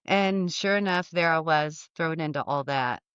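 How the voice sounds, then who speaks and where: A woman's voice: sits low, measured pace, clean tone, dry recording, dull audio. A woman guest telling a story in casual talk, acting out the lines of the people in it and laughing often. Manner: animated, acts out dialogue with laughs. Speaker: podcast guest.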